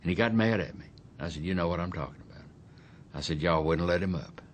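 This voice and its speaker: A man's voice: low voice, fast, a little hiss or hum. A man, telling his memories bluntly and emphatically in a documentary interview.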